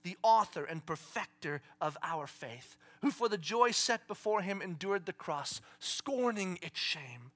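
A man preaching a sermon dramatically, swinging from hushed whispers to shouted exclamations and acting out the people in his stories. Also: fairly high pitch, a little slow. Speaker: pastor.

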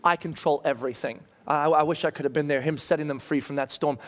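High-voiced man preaching a sermon. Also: fast. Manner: lively conversational storytelling. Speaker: pastor.

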